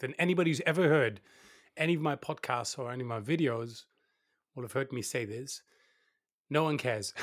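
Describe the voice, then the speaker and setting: A man's voice: mid-range voice, no echo. Candid man guest, dry close sound. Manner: lively and candid, often acts out quoted inner voices, chuckles. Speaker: interview guest, YouTuber. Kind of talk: casual interview conversation.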